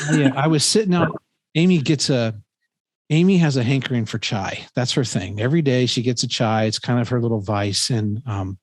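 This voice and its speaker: A man's voice: medium pitch, no room sound. A man in his fifties, a professor, telling a story in casual conversation, earnest and rambling with lots of fillers and restarts. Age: 50s. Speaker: professor and podcast host.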